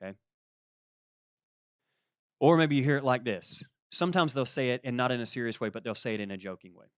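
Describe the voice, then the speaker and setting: A man in his forties preaching a sermon as pastor, conversational and lively, acting out the people he quotes. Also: mid-range voice, fairly quick, no room sound, clean studio sound. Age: 40s. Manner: conversational, animated, acts out quoted voices.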